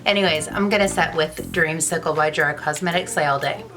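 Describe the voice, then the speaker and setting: A woman's voice: sits low, fairly quick, music in the background. A woman talking casually through her makeup in a rambling, gushing get-ready-with-me vlog. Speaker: beauty vlogger.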